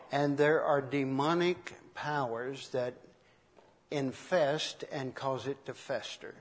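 Older man preaching in a reverberant hall. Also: mid-range voice. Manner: unhurried, conversational preaching with many pauses. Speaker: minister. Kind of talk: sermon teaching with personal stories.

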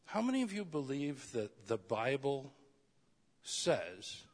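A man preaching a sermon, asking his listeners questions and acting out quoted prayers, loud at times. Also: medium pitch, big pitch swings, slow pace.

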